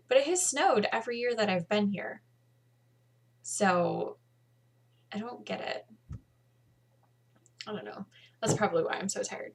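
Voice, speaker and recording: Casting note: woman in her thirties, worn-out but chatty home podcast host, mid-range voice. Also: medium pitch. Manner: chatty, tired, bursts of excitement. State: tired. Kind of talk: casual video podcast chat.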